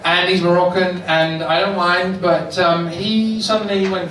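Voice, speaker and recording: Heard from a distance through an echoey club mic, an older comedian pokes fun at himself and laughs at his own jokes amid audience laughter and crowd noise. His voice is high, flat, and a little slow.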